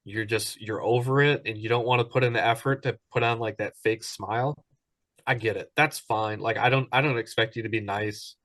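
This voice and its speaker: A man's voice: lowish voice, steady tone, brisk, a bit bright, dry recording. A man in his thirties co-hosting a casual podcast, rambling enthusiastically with many ums and uhs. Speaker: podcast co-host.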